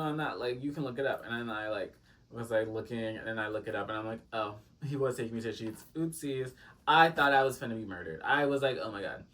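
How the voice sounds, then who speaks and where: A young man telling a casual, gossipy story time, full of "like" fillers and animated quoted exchanges. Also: mid-range voice, far from the mic.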